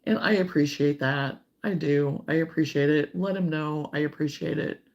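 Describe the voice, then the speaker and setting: A woman hosting a casual crochet livestream, chatting warmly and reading out viewer comments, sometimes close to tears. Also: deep voice, normal speed, dull audio. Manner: warm, emotional, reads viewer comments aloud.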